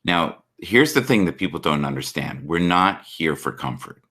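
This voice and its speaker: Deep voiced guy hosting a livestream, all earnest about spirit and growth. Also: animated, normal speed, pushed and bright. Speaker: livestream host. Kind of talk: casual chat.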